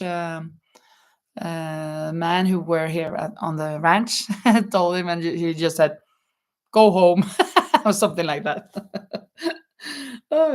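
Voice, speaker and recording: A woman with a Norwegian accent chatting casually on a live stream, laughing often and reading out viewer comments. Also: lowish voice. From Norway. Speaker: crochet channel host.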